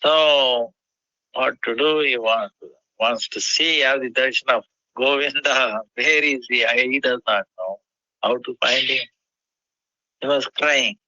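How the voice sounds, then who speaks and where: Man, devotional storyteller, slow halting delivery, bright tone, dull lo-fi sound. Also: medium pitch, steady tone, no echo. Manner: halting, with frequent fillers and "you know".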